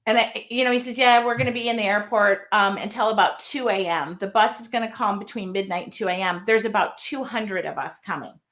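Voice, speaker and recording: A woman's voice: mid-range voice, fairly quick, hardly any pauses, fairly bright tone. A woman in her fifties hosting a casual chat, telling a rambling, heartfelt story. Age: 50s. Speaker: host.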